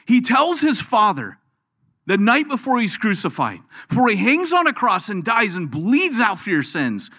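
Animated high-voiced male preacher. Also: moderate pace. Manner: animated preaching, voice dropping low and soft for quoted lines. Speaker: pastor. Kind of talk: sermon.

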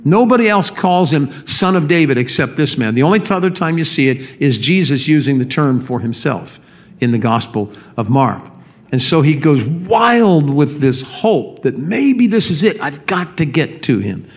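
A man's voice: a little high, expressive, moderate pace. A man preaching a sermon as pastor, speaking emphatically and often repeating words as he builds a point.

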